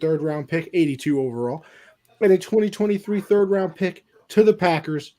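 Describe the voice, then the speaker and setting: A man with a slightly raised pitch runs a casual mock draft show as its commissioner. He teases his co-hosts and then reads trades in a mock announcer voice. His delivery is loose and playful. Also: dark tone. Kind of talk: casual online show hosting.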